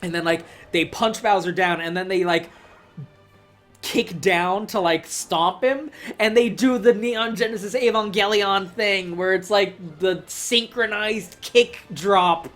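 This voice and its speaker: A young man talks his way loosely through a movie review, his voice sitting a bit higher than most men's. He swears freely, laughs often and keeps stringing thoughts together with "like" and "you know". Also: a little slow, fairly bright tone, faint music behind. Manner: rambling, swears, filler-heavy, laughs a lot. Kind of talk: casual rambling review.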